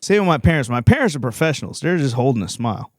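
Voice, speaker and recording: A man's voice: mid-range voice, sing-song, fast, no echo. Blunt, foul-mouthed comedian man. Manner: profane, rambling, blunt storytelling. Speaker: podcast host and comedian. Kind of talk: solo comedy podcast monologue.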